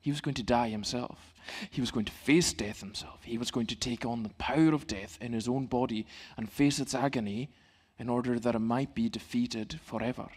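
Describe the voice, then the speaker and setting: A middle-aged male pastor giving a sermon in a church, in a calm, gentle, conversational way. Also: medium pitch, moderate pace, few pauses, husky.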